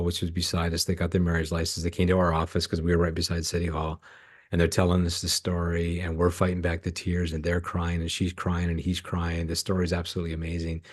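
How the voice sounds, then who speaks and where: A man's voice: low voice, completely flat delivery, fast. A middle-aged man from Canada, a ministry founder and podcast guest, telling stories in an earnest, emotional way and acting out the dialogue. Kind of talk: storytelling in a podcast interview.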